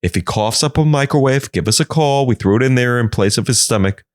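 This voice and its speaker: A man's voice: medium pitch, fairly quick, lightly acted. A man voicing a breezy, overly casual male hospital staffer.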